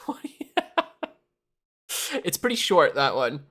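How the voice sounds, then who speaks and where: A man's voice: fairly high pitch, big pitch swings, slow, sharp tone. A young man chatting casually on a live stream, rambling and laughing often. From Canada. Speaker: livestreamer.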